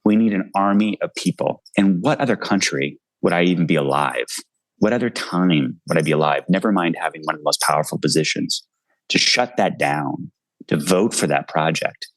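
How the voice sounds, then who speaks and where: Earnest, impassioned deep-voiced man. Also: moderate pace, dry recording, poor audio. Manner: earnest, impassioned, speaks in bursts. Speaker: author and guest. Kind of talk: video call interview. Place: his home.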